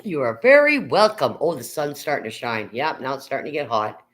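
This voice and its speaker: An older woman hosts a relaxed livestream from her home. She rambles from one thing to the next, reads viewers' comments aloud and swears casually. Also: rumbling low, a little fast, low-quality recording. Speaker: livestream host.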